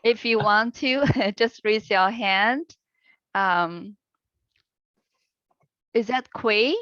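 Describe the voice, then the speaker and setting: A woman teaching an online language class over a video call, with a patient, encouraging manner and unhurried explanations. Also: fairly high pitch, fairly bright tone, no room sound. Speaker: online Chinese language instructor. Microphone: computer mic on a video call. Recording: lo-fi video-call audio, dry.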